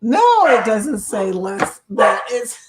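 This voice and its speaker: A woman's voice: a little high, sing-song, takes it slowly, very noisy. An older woman hosting a casual livestream chat, greeting viewers by name and laughing often.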